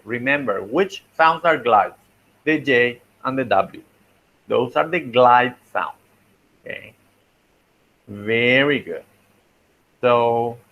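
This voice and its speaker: A man teaching a linguistics class, talking slowly and thinking aloud as he works through examples. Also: medium pitch, fairly bright tone, dull audio. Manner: slow, thinking aloud while writing, frequent "okay" and "let me see". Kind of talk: online class lecture.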